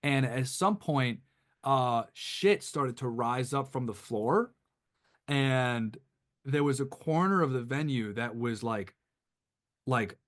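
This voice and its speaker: A man's voice: mid-range voice, takes it slowly. Rambling storyteller man from Detroit. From Detroit, USA. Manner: rambling, animated, frequent restarts. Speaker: band member guest. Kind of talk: casual storytelling anecdote.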